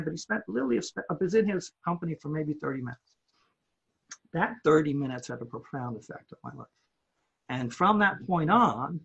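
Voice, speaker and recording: A man guest telling a story in conversation, animated, acting out what people said and repeating words when worked up. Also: high-pitched, vocal fry, husky. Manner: animated, acts out quoted dialogue, repeats words when excited. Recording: dull lo-fi recording.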